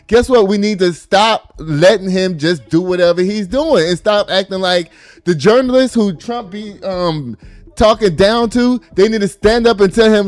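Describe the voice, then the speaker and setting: Man, vlog host, casual commentary, chatty, profane, higher-pitched, soft music behind. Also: moderate pace, dry recording. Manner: chatty, profane, addresses viewers as y'all.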